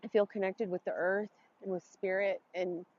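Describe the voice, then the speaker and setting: A woman's voice: mid-range voice, little pitch movement, highs cut off. Heartfelt woman giving a tearful blessing. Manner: heartfelt, tearful, halting with pauses. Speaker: vlogger doing an outdoor ritual. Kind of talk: emotional spoken blessing and reflection. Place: forest, outdoors.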